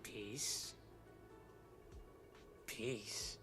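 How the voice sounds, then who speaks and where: An actor playing a menacing young swordsman full of hate, speaking Shakespearean film dialogue in a slow, low, threatening way. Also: over music. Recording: film audio heard from far off.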